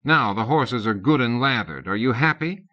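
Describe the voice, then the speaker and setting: A man's voice: lively intonation, moderate pace, lightly acted. A man voicing a flustered, stern young male tutor, raising his voice. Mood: brusque. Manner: shouting, raised higher voice. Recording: dull lo-fi cassette audio.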